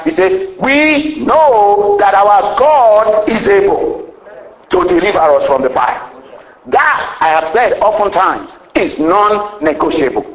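A man preaching a sermon with fervent call-and-response exclamations, dropping to quiet asides and chuckling often. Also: reverberant, poor audio. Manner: fervent, swings between loud exclamations and low asides, laughs often.

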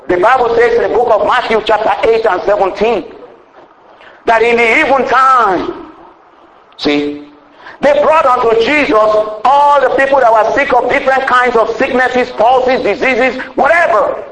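A man preaching a sermon with fervent call-and-response exclamations, dropping to quiet asides and chuckling often. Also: normal speed, roomy sound, poor audio. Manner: fervent, swings between loud exclamations and low asides, laughs often.

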